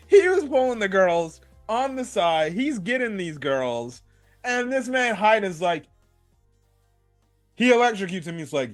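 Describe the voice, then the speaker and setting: A young man giving a casual, excitable anime review, laughing and using slang as he retells scenes. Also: high voice, moderate pace, soft background music.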